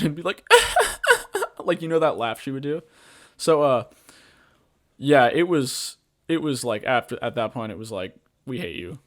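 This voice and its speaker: A man hosting a podcast, ranting in a loose, rambling way. His voice sits at an ordinary middle pitch, and he leans on filler words constantly. He is blunt and profane. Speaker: podcast host. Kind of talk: casual political rant.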